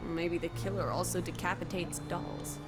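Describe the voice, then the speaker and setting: An actress playing a spirited, stubborn young woman who talks in a brisk, teasing, insistent way. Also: fairly low pitch, fairly even intonation, natural voice. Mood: uneasy. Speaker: game character. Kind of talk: game voice acting. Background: game music.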